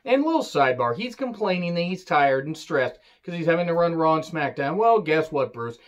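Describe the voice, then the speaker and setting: A man's voice: fairly high pitch, big pitch swings, a little fast. A man giving a casual, opinionated review, ranting, swearing and joking sarcastically, with sudden bursts of emphasis. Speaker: wrestling reviewer.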